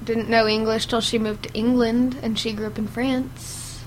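A woman's voice: a little high, normal speed, a little hiss or hum. A young woman chatting casually with friends, telling a story and laughing often. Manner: giggly, animated storyteller.

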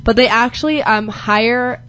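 A woman's voice: a little high, unhurried, bright, forceful tone. Chatty young woman. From northern Germany. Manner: giggly, chatty, reads fun facts aloud. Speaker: co-host. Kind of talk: casual chat.

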